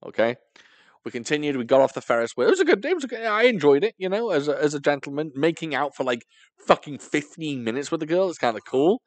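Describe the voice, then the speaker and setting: A young man co-hosts a podcast, telling a story in a casual, self-mocking way, laughing often and swearing freely. His fairly high voice is sing-song and fast, heard in a dry recording.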